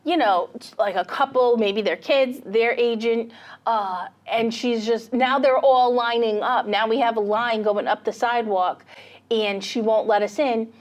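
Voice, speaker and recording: A woman's voice: on the high side, unhurried. A woman, co-hosting a casual podcast and telling a story with animation, acting out what people said. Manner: animated storyteller, acts out quotes. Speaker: podcast co-host, real estate agent.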